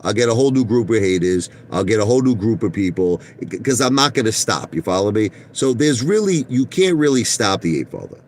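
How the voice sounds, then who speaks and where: A middle-aged man rambles through brash stories from his car, his pitch leaping up and down as he goes. He keeps pulling the listener in with "listen to me" and "okay?" A faint hum of noise sits behind him. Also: animated, brisk, few pauses. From Brooklyn, New York. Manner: boastful, repeats "listen to me" and "okay?", laughs mid-story. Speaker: vlogger. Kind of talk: rambling storytelling and boasting to viewers. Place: inside his parked car.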